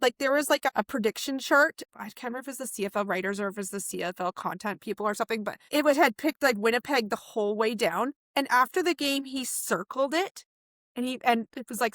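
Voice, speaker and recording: A young woman tells football stories with animation, acting out quotes. Her voice sits a bit high and sounds dry and close. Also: fairly quick, no echo. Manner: animated storyteller, acts out quotes. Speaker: podcast co-host. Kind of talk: casual sports chat.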